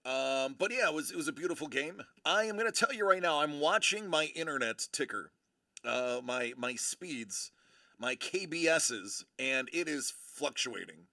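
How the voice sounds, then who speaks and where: A man's voice: fairly high pitch, animated, moderate pace, bright, forceful tone. A man hosting a livestream, chatting casually and playfully and answering viewers by name. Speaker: livestream host.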